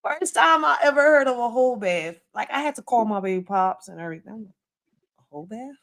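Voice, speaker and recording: Animated woman telling a story. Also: a little high, quick pace. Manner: animated, swearing, street slang. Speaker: host. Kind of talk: casual storytelling chat.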